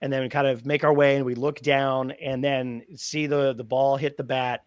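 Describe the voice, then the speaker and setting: A man in his thirties, a stadium announcer, telling long, animated stories with many fillers as a guest in a podcast interview. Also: medium pitch, moderate pace, clear, resonant tone, no echo.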